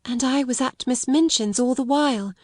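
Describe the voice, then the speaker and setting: A woman reading the part of a quiet, sad young orphan girl in an audiobook, steady and unrelenting. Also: on the high side, normal speed, no echo, studio quality, pitched above the performer's own voice, close to an everyday voice. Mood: dazed.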